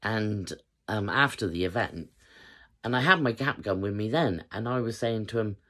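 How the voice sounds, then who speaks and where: A woman in her fifties from England with a notably low voice tells a personal story in a casual, chatty way. She rambles, pausing often on fillers as she goes. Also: a bit bright. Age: 50s. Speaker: vlogger.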